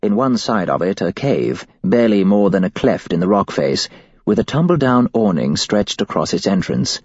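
A man narrating a first-person story in a measured, grave storytelling manner. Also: fairly low pitch, sing-song, a little mellow, breathy edge, no room sound. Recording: dull dry lo-fi recording.

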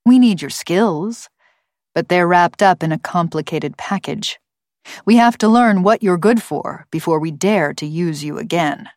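A woman's voice: fairly low pitch, measured pace, a little mellow, no room sound, close to an everyday voice. A woman reading an audiobook and voicing a female computer intelligence who speaks in a dry, clipped, commanding way. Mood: stern.

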